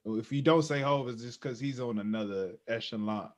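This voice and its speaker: A man's voice: medium pitch, normal speed. A man co-hosting a podcast, talking in a loose, joking, slang-heavy way. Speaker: podcast co-host. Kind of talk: casual chat.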